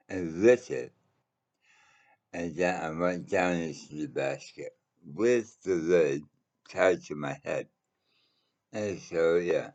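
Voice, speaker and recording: A man hosting his own channel, telling a casual personal anecdote in a halting, rambling way with lots of fillers and the odd swear word. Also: low voice, creaky, darkish tone, highs cut off.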